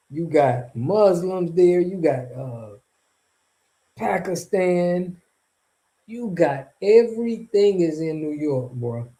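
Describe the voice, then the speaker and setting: A man's voice: on the high side, mellow, low-quality recording. A man hosting a casual livestream, talking back to his chat in a loose, slangy, rambling way with frequent laughs. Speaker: streamer and channel host.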